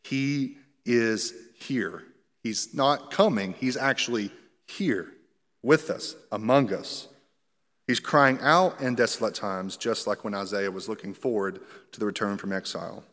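A man's voice: lowish voice, moderate pace, fairly bright tone. Man preaching in a reverberant hall. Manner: conversational, explains scripture line by line with light humor. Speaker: pastor. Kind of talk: expository sermon.

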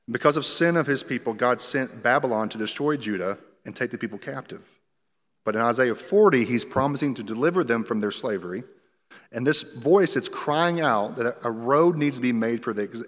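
A man's voice: mid-range voice, fairly bright tone, big-room sound. A male pastor preaching an expository sermon in a conversational way, explaining scripture verse by verse with light humor.

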